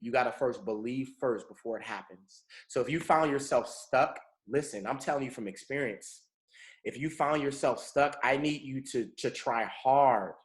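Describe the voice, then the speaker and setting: A motivational coach leads a morning mentorship call in an echoey room, speaking fervently and repetitively. He swings between rising excitement and a soft, low hush for reflective moments.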